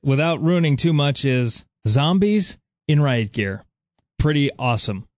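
A man's voice: mid-range voice, lively intonation, unhurried, dry recording. A young adult man co-hosting a radio morning show, chatting casually and wryly. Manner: chatty, wry, easygoing.

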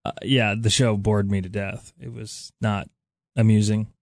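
A man's voice: on the low side, little pitch movement, a little slow, darkish tone, no echo, clean studio sound. A young adult man co-hosting a radio morning show, chatting casually and wryly. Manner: chatty, wry, easygoing.

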